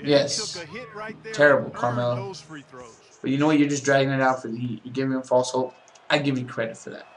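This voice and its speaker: A man's voice: medium pitch, little pitch movement, a little fast, long pauses, crowd noise, low-quality recording. A young man casually rambling about basketball while commenting on his own gameplay, often mimicking players and coaches.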